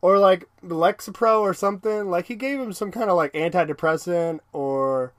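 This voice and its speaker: A man's voice: high-pitched, normal speed, no room sound, clean studio sound. A man co-hosting a podcast, chatting loosely about a cartoon episode, rambling and laughing often. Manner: rambling, laughs often, quotes characters in silly voices. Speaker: podcast co-host. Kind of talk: casual chat recapping a cartoon episode.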